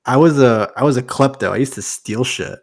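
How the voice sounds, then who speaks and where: A man's voice: medium pitch, fairly quick, breathy edge. Young man, podcast co-host, casual chat, filler-heavy, giggly, medium voice. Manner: laughs often, heavy filler words.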